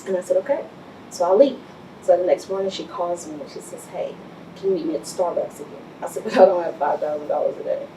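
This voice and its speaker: A woman's voice: on the low side, fast talker, mellow. A middle-aged woman from Texas, a business owner and interview guest, telling her story bluntly and acting out the other people's lines. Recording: roomy, distant mic with faint background hiss.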